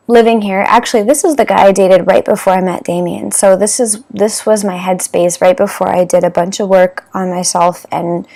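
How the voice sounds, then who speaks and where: A Canadian vlogger in her thirties tells the camera a personal dating story in a mid-range, darkish voice. She's candid and rambling, full of fillers, restarts and self-corrections.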